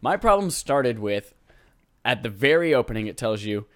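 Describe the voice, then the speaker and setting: A man's voice: mid-range voice, big pitch swings, normal speed. A man hosting a gaming podcast in casual chat, joking and rambling playfully. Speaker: podcast host.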